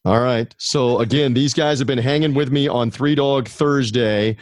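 A man's voice: mid-range voice, steady tone, moderate pace, no echo. A man hosting a sports betting podcast over a video call, plugging shows and guests in an upbeat, promo-heavy way. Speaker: podcast host.

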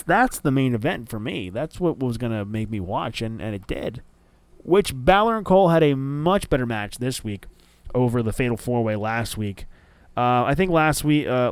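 A man's voice: mid-range voice, clean tone, dry recording. A man hosting a wrestling podcast in a casual, enthusiastic chat, loose and profane, with frequent fillers.

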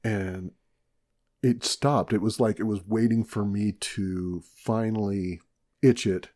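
A man's voice: on the low side, steady tone, takes it slowly, darkish tone. A man with a Southern US accent telling a long story in casual podcast chat, rambling and self-mocking. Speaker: podcast co-host.

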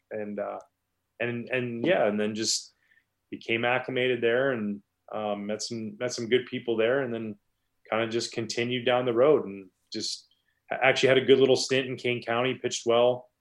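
A man, a former professional pitcher, telling stories in a casual interview, animated and rambling with many restarts. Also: normal speed.

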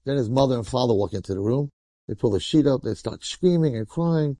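Mellow-voiced rabbi telling a story. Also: male voice, mid-range voice, fairly quick, no echo, studio quality. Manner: animated, conversational, acts out quotes. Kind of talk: storytelling sermon.

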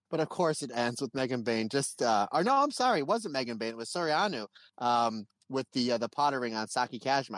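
Animated man telling a story on a podcast. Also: mid-range voice, no room sound. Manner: animated storyteller, acts out voices in anecdotes. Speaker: podcast co-host. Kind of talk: casual chat.

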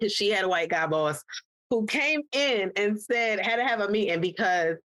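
A woman's voice: mid-range voice, lively intonation, moderate pace, fairly bright tone, no echo. Woman co-host, frank storyteller, dry close mic. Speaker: podcast co-host. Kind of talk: casual podcast chat. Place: studio couch.

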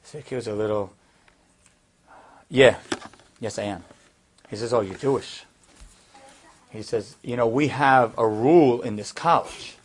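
A man telling a story aloud, acting out the voices of the people in it and rising high and loud at the dramatic moments. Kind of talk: animated story with acted dialogue.

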